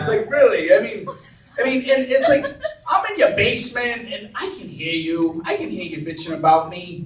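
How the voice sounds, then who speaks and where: A man's voice: sits high, big pitch swings, normal speed, fairly bright tone. A man doing a stand-up comedy set, rambling and self-deprecating, with lots of fillers and restarts. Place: comedy club stage. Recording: roomy club sound from a distance, crowd laughter.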